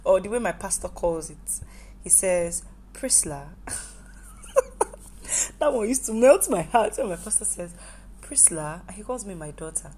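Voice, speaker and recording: A woman's voice: medium pitch, lively intonation, normal speed, long pauses, mellow, a little hiss or hum. A woman from Nigeria, hosting a casual personal podcast monologue in a goofy, rambling way that keeps correcting itself. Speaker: podcast host.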